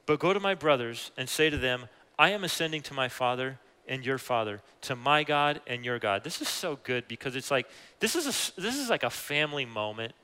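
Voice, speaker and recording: A man preaching a sermon with animated emphasis, often rising to exclamations. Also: mid-range voice, a little fast, few pauses, clear, resonant tone. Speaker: pastor. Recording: long hall reverb.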